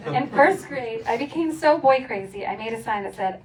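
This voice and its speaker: At a community celebration, a woman from the Philadelphia area reads from her own memoir, playful and frequently laughing as she acts out the funny bits. Her voice is a little high and animated at normal speed, with a crowd in the background, caught on a distant mic with faint ambient noise.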